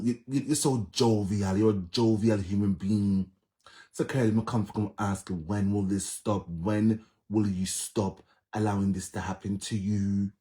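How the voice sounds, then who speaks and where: Earnest Jamaican man, low voice, pleading. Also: warm tone. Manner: earnest, pleading, heavy repetition. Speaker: live streamer. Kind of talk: casual live-stream monologue.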